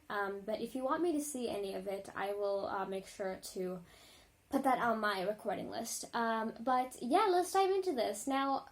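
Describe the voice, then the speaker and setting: A woman vlogger reacting to music in a casual, rambling chat, full of ums and likes and quick apologies. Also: a little high.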